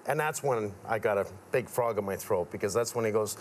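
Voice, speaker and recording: A man's voice: lowish voice, quick pace, few pauses, a little hiss or hum. A man, a contractor, talking as a guest in a casual TV interview, telling stories and acting out what others said. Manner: storytelling, acts out quotes of his father. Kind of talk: casual talk show interview. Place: TV studio with audience.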